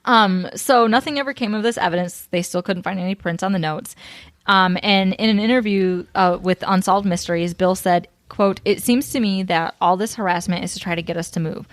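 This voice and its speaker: A woman's voice: medium pitch, a little fast, no room sound. A young adult woman co-hosting a podcast, telling a true-crime story in casual chat, giggling and swearing casually.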